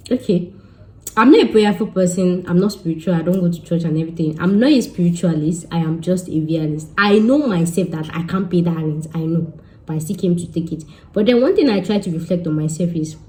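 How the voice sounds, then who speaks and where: A young Nigerian woman with a Nigerian accent, telling a story to her viewers in a lively, joking way and mixing Pidgin and Yoruba into her English. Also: lowish voice. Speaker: vlogger. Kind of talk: casual storytelling.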